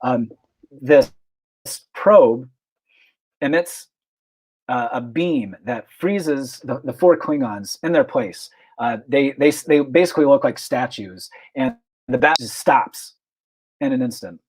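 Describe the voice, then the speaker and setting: A man's voice: mid-range voice, takes it slowly, breathy edge. A man narrating as game master of a tabletop role-playing game, explaining rules with fillers and restarts.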